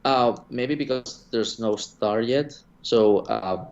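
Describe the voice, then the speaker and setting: A man's voice: medium pitch, slow, muffled recording. A man answering interview questions as a guest developer, hesitant with lots of fillers. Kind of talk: casual interview answers over a call.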